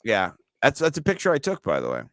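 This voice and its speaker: A man co-hosting a casual fantasy football show, joking and swearing through lively banter. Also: medium pitch, fast, no room sound. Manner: joking, profane, animated banter. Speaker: podcast co-host.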